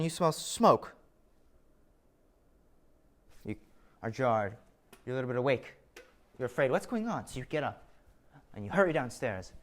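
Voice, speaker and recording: A man narrates a scripted lecture and leans on stories to make his points. His voice sits a little high and moves around a lot, and he drops in wry asides.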